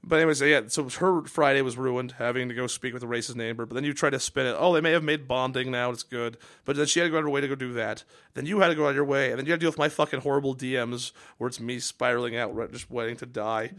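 A man co-hosts a casual podcast and rants quickly with plenty of swearing. He talks at a rapid clip, and his voice sits close and dry on the mic. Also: mid-range voice, fairly bright tone, no room sound. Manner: fast, profane, ranting. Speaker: podcast co-host.

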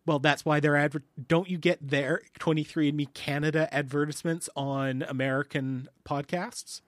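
A man's voice: fairly high pitch, fairly even intonation, moderate pace, no room sound. Dry-witted man, close mic. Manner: dry, sardonic quips. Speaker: podcast co-host. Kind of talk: casual chat.

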